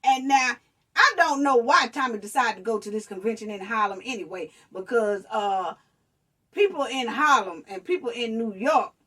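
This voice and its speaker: A woman's voice: a little high, moderate pace, a bit bright, slightly rough, far from the mic. A woman giving sassy casual reaction commentary as a vlogger, calling her viewers honey and baby.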